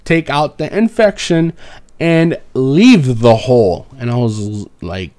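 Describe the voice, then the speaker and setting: A man's voice: mid-range voice, animated, moderate pace, a little mellow. Profane, rambling young man telling a story. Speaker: vlogger telling a personal story. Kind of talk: casual storytime monologue.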